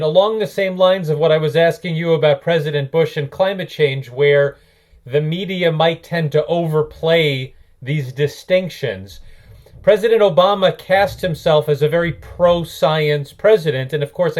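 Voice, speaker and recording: A man's voice: a little high, normal speed, a little mellow. A male interviewer asking long, carefully framed questions in an oral history interview.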